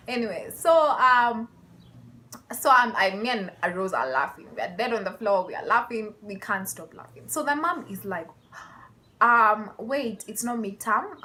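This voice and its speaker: A young woman vlogging a casual storytime, animated and laughing as she acts out the people in it. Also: on the high side.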